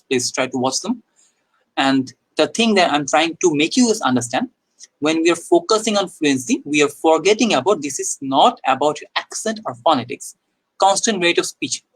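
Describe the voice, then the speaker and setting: A man's voice: a little high, breathy edge, rough recording. Bangladeshi man teaching in a live lesson. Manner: explanatory, repeats himself with small restarts and "okay"s. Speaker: English teacher.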